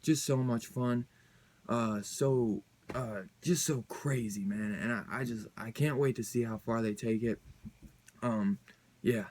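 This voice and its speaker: A man chatting casually about a comic book, excited and rambling in a loose, slangy way. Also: mid-range voice, measured pace, slight background noise. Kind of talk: casual review chat.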